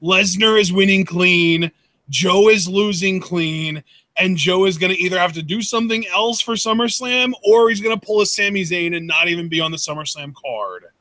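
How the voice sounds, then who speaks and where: A man's voice: high voice, normal speed, bright, forceful tone, dry recording. A man co-hosting a casual wrestling talk show, blunt, confident and teasing. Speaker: co-host. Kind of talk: casual podcast chat.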